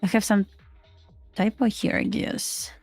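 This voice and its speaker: A woman's voice: medium pitch, little pitch movement, unhurried, a little mellow, soft background music. A woman trader on a live stream, explaining her methods in short, simple phrases. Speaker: trader guest. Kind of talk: casual live-stream chat.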